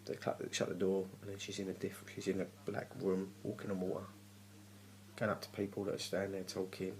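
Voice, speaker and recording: A man's voice: deep voice, completely flat delivery, a little fast, darkish tone. A man giving a casual, grumpy TV review, ranting and swearing in exasperation. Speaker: TV review vlogger. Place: home at night.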